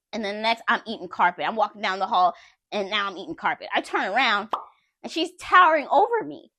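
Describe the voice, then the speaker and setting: A woman's voice: on the high side, a bit bright, dry recording, clean studio sound. A woman telling a personal story to her viewers in a candid, conversational way. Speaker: vlogger.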